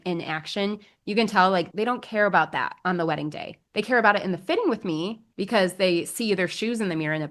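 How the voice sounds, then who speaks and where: A young woman hosting a solo podcast as a bridal alterations specialist, chatty and bubbly with gushing exclamations. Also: fairly low pitch.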